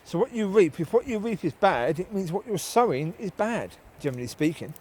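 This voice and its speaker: Man, high animated voice, casual rambling faith talk on a countryside walk. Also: fairly quick, slight background noise, poor audio. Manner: rambling, conversational, asks listeners tag questions. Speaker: lay Christian vlogger. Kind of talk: casual spoken devotional while walking. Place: outdoors in the countryside, walking dogs.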